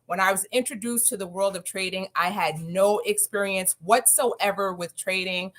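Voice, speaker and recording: A woman's voice: mid-range voice, normal speed, a bit bright, a little hiss or hum. A woman giving an earnest, upbeat personal testimonial on an online call. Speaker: guest speaker sharing a testimonial.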